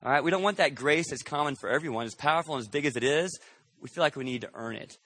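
A man's voice: fairly high pitch, fast talker, fairly bright tone, slightly rough. A man preaching a conversational sermon as pastor, often checking in with the congregation through rhetorical questions.

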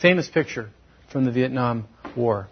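A man preaching a sermon as pastor, swinging from loud exhortation to hushed, intimate tones. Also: mid-range voice, animated, normal speed, breathy edge, dull audio.

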